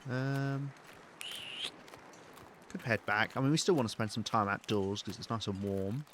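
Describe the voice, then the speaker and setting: Casual male streamer, low voice, loose thinking-aloud commentary. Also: unhurried, fairly bright tone, a little hiss or hum. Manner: chatty, rambling, thinks aloud while playing. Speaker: game streamer. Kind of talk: live-streamed let's play commentary.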